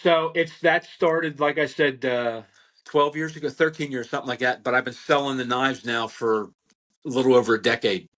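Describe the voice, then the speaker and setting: A man's voice: mid-range voice, steady tone, normal speed, fairly bright tone. An older American man, a veteran butcher, telling rambling stories as a podcast guest, with frequent restarts and laughs. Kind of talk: casual storytelling interview.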